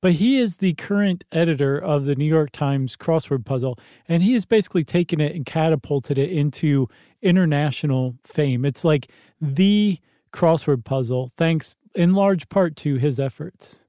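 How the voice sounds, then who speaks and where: Bright-voiced joking man, dry sound. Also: a little high, moderate pace, no room sound. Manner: playful, joking, chatty. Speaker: podcast co-host. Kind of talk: casual chat.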